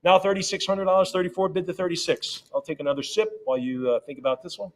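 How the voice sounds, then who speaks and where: A man working as an auctioneer at a live sale, rattling off rising bids in quick repeated calls and breaking off for friendly asides about the items. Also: high-pitched, steady tone. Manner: rapid repetitive bid calling with chatty asides.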